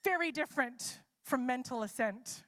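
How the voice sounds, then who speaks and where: Woman preacher, high voice, chatty sermon, lots of what-if questions. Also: animated, normal speed, a bit bright. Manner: casual and chatty, full of rhetorical what-if questions. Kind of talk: conversational live sermon.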